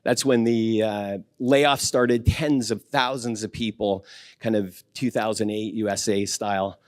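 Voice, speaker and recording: A man's voice: lowish voice, steady tone, measured pace, no room sound. A man in his fifties speaks from a conference stage in a dry, close sound, earnest and a little self-deprecating. He trips over fillers and restarts, and now and then sounds near to tearing up. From Canada. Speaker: keynote speaker. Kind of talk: conference keynote talk.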